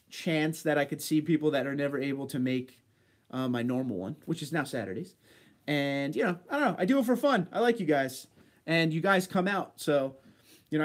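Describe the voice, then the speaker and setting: A laid-back man talks with his livestream viewers, casual and chatty, laughing easily as he answers their comments. His voice sits a bit high for a man. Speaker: livestream host reading chat. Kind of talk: casual chat.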